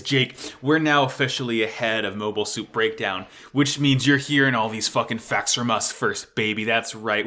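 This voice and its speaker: A man co-hosting a podcast, chatting excitably and swearing often. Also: mid-range voice. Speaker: podcast co-host. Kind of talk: casual chat.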